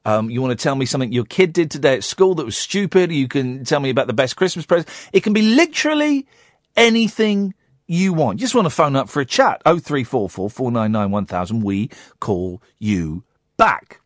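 A man's voice: mid-range voice, animated, a little fast, no echo. A man hosting a radio phone-in, chatting casually and telling a rambling, self-mocking story from the studio.

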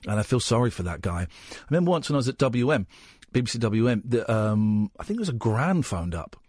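A man's voice: big pitch swings, fast talker, darkish tone, dry recording. A man with an English accent hosting a late-night radio phone-in from a studio, joking and bantering with callers. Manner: joking, bantering, drops to a low mutter at times. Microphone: studio microphone.

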